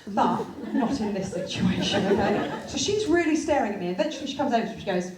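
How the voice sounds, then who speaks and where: Animated woman doing stand-up comedy live. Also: fairly high pitch, fast talker, echoey room. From England. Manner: chatty, self-deprecating, animated storytelling. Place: comedy venue stage. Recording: live theatre, far mic, crowd laughter.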